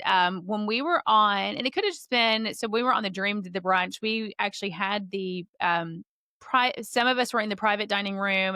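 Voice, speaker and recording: Bright-voiced, enthusiastic woman podcaster. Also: medium pitch, clear, resonant tone, no room sound, clean studio sound. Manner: enthusiastic, rambling, with restarts and laughs. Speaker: podcast co-host. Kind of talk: casual chat.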